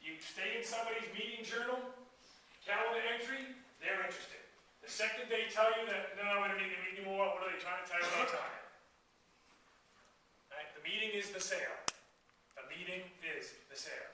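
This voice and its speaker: High, bright-voiced man lecturing in an echoey room. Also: fairly quick, recorded from a distance, slight background noise. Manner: energetic, asks the audience questions. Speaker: guest speaker on sales. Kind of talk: classroom lecture to students. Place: university classroom.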